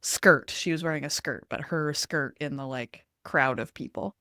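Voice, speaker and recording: A woman from Western North Carolina, a podcast co-host, sharing a memory in relaxed, filler-filled chat. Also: low voice, moderate pace, dry recording, studio quality. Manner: chatty, many fillers. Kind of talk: casual conversational chat.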